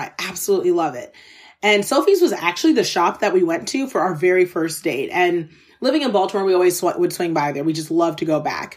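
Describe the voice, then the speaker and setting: A woman at a middle pitch shares a personal story on her podcast. She talks to her listeners directly, in an earnest, candid and faith-filled way, and she is openly moved at times. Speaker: podcast host.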